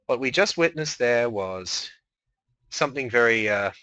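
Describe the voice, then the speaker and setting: A man's voice: medium pitch, lively intonation, a little slow, bright, forceful tone, dry recording. A man hosting a comedy radio show, rambling playfully through the sign-off.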